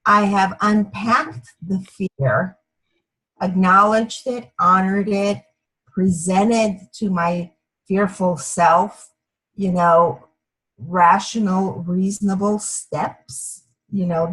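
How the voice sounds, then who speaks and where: A woman student sharing in a class discussion, speaking in a measured, methodical way. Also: mid-range voice, fairly bright tone, husky, rough recording.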